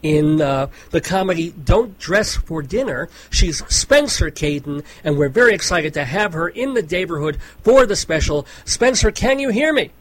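A man's voice: a little high, animated, moderate pace, few pauses, fairly bright tone, low-quality recording. A man hosting an interview, asking questions in an upbeat, enthusiastic way. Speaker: interviewer, host. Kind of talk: casual interview.

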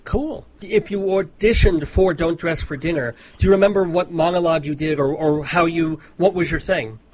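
A man's voice: fairly high pitch, moderate pace, darkish tone, poor audio. A man hosting an interview, asking questions in an upbeat, enthusiastic way. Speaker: interviewer, host. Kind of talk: casual interview.

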